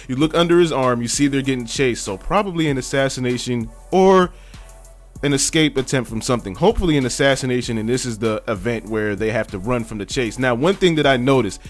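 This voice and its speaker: A man's voice: mid-range voice, expressive, brisk. Male host, chatty and joking, mid-range voice, light music under him. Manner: joking, chatty, laughs often. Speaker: video host. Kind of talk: casual trailer commentary.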